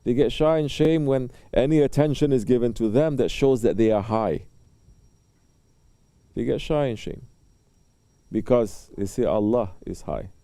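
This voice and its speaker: A male religious teacher delivering a sermon, telling stories and briefly acting out the people in them, with pauses and soft fillers. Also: mid-range voice, no echo. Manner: storytelling, acting out short exchanges between people.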